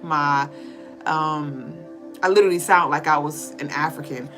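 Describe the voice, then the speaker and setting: A woman's voice: sits low, a little slow, a bit bright, low-quality recording. A woman hosting a casual livestream tarot reading, reading viewer comments aloud and answering them in a loose, chatty way with fillers and the odd swear word. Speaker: livestream spiritual reader and host. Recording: music bed under the voice. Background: music playing under the voice.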